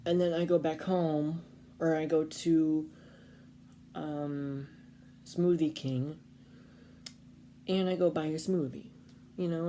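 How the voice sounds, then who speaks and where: Low-voiced woman rambling through a story. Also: dark tone, slight background noise. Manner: rambling, lots of fillers and restarts. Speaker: vlogger. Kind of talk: casual storytime.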